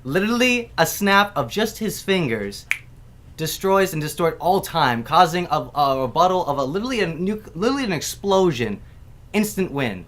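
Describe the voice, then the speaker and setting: A man's voice: on the high side, big pitch swings, normal speed, a bit bright. A man arguing his pick on a casual panel, rambling and repeating phrases as he builds his case.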